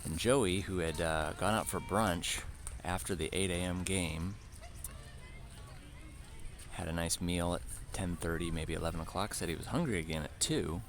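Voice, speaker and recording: A man giving relaxed, chatty play-by-play commentary on a youth baseball game and mixing in side stories. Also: sits low.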